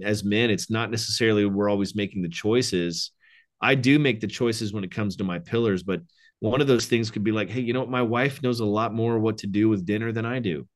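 A man who is a guest and men's coach on a podcast, telling animated stories and acting out quoted lines, growing excited as he talks. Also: lowish voice. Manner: animated storyteller, quoting others, excited. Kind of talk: casual interview chat.

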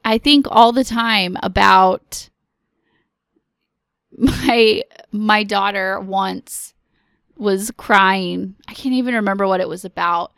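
Slow, earnest mom podcast host. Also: female voice, medium pitch, creaky, a bit bright, smooth, no room sound, clean studio sound. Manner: earnest, pep-talk, direct address to listeners. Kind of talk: casual encouraging podcast talk.

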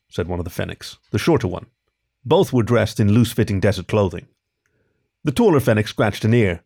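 A man hosting a podcast and narrating a story in a lively, expressive reading style. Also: on the low side, fairly quick, husky.

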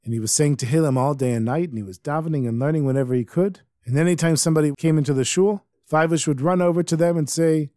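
A man storyteller telling a Hasidic tale in a lively, emphatic way. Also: a little high, fast, few pauses, dry recording, studio quality.

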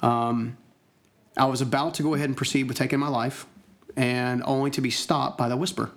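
A man's voice: medium pitch, fairly even intonation, brisk. A man earnestly telling a personal testimony in a conversational interview, reflective and prone to restarting his sentences. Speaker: guest sharing a personal testimony. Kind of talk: conversational storytelling.

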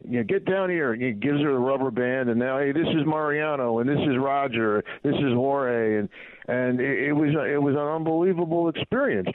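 Heard over a tinny phone line with a dry sound, a middle-aged man with a mid-range voice guests on a radio program. Formerly a baseball PR director, he tells loose, rambling stories packed with fillers and restarts.

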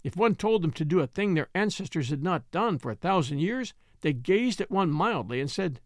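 Recorded at studio quality with no echo, a woman with a voice on the low side narrates a classic children's novel for an audiobook. Her scripted storytelling is measured yet expressive.

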